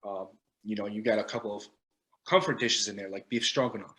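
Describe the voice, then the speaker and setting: Long Island guest cook, bright, forward voice, easygoing talker. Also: male voice, lowish voice, fairly even intonation, a little fast, rough recording. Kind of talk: casual chat.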